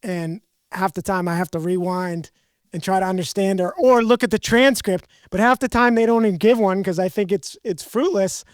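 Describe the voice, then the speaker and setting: A man's voice: sits high, normal speed, no room sound, clean studio sound. A man hosting a podcast, talking candidly in a rambling, self-deprecating way. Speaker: podcast host. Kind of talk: casual podcast conversation.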